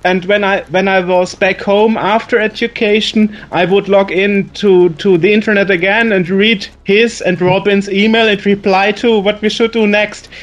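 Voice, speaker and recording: A man with a German accent speaks with a high voice as a guest. He reminisces in a chatty, storytelling way and stumbles over words now and then. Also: steady tone, normal speed, hardly any pauses. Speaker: guest, magazine editor. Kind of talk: casual reminiscing.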